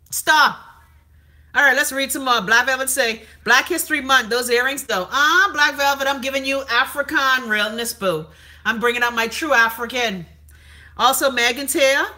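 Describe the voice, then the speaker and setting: A woman running a laid-back stream voices audience comments with brash, profane gossip. Her tone comes across as bright and forceful, punctuated by sudden theatrical swings in pitch.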